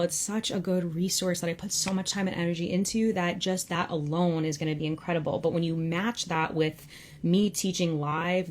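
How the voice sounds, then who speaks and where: A young woman hosts a live Q&A as a freelance copywriting coach, her voice sitting a little low. She talks in a loose, conversational way, filling her sentences with "like.". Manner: casual, conversational, peppered with "like". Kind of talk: live Q&A session.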